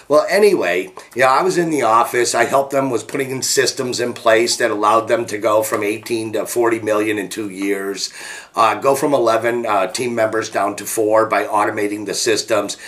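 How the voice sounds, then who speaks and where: A middle-aged man, a business coach, telling an energetic, animated motivational story. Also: normal speed. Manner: energetic, animated, jumps pitch to act out quotes.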